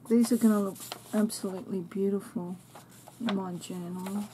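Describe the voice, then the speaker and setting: A woman host of a crafting channel, unboxing a craft swap package and gushing over each item in soft exclamations and whispers. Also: mid-range voice, steady tone, normal speed, a little hiss or hum.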